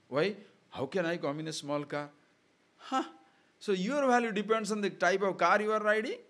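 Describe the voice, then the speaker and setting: A man giving a spiritual discourse, often putting rhetorical questions to his listeners. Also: high voice. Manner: animated, rhetorical questions to the audience. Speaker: spiritual teacher. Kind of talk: discourse on scripture.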